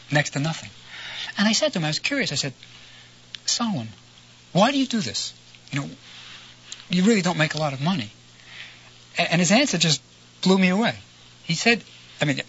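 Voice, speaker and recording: A man's voice: a little high, husky. A middle-aged man lecturing in a storytelling way, conversational, often checking in with his listeners. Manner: animated, conversational, frequent "right?" asides. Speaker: lecturer on ancient history. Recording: slightly dull lo-fi recording with faint noise.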